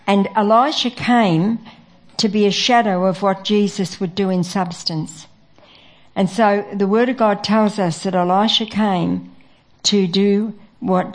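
A woman preaching a sermon in an earnest way, pausing often with fillers. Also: mid-range voice, darkish tone. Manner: earnest, with frequent filler pauses.

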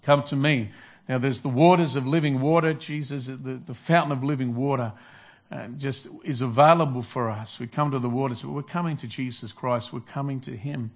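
A man's voice: mid-range voice, fairly even intonation, a little fast. A man preaching a sermon in an earnest, repetitive style, restarting phrases as he builds his points. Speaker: pastor.

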